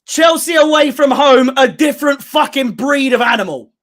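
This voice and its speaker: A man's voice: very high-pitched, normal speed, a bit bright. A man hosting a live fan watchalong, calling the play-by-play and swearing freely as he reacts. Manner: play-by-play calls mixed with heavy swearing. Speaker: fan channel host. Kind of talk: live match watchalong commentary.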